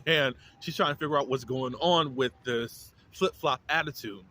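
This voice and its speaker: A man's voice: mid-range voice, moderate pace, pushed and bright. A man giving a casual, opinionated recap of a TV episode, with lots of fillers and restarts. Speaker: reality TV reviewer.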